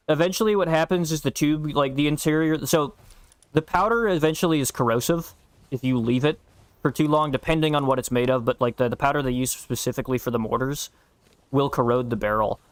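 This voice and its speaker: A man's voice: on the high side, a little fast, dry recording. A man streaming a game and chatting casually, telling stories in a blunt, profane way. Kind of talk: casual chat while gaming.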